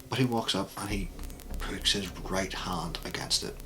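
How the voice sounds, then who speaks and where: A man running a tabletop role-playing game as game master, narrating scenes in a measured, descriptive way. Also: deep voice, background noise.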